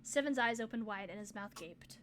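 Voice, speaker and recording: A woman narrating a game aloud on a stream in a steady, expressive reading. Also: medium pitch, fairly quick, a little hiss or hum.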